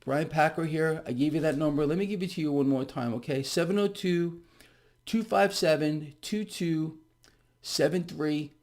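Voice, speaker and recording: Sarcastic, animated man ranting about markets. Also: on the high side, normal speed. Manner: sarcastic, animated, mocking with mock outbursts. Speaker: market commentary vlogger. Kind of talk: casual direct-to-camera market rant.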